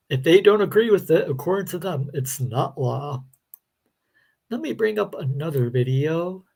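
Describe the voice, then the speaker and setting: A man's voice: a little high, a little mellow. A man hosting a live reaction video, commenting in a sarcastic, exasperated way. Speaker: host.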